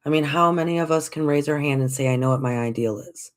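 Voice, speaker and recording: A podcast host with a medium-pitched, clean-toned voice gives a reflective spiritual talk at a quick pace. Gentle and encouraging, he repeats phrases, asks rhetorical questions, and calls listeners folks.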